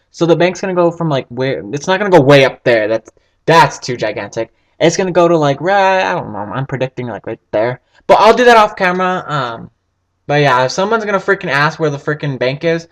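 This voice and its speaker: A man rambling through casual gameplay commentary as a gaming video host, swearing freely. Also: fairly high pitch.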